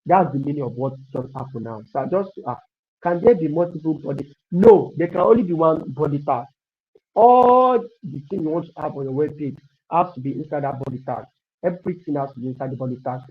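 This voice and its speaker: Male coding tutor, higher voice, repeats lines, cheers students on, muffled stream audio. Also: animated, brisk. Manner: repetitive, encouraging, thinks aloud while typing. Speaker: coding instructor. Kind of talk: live online coding lesson.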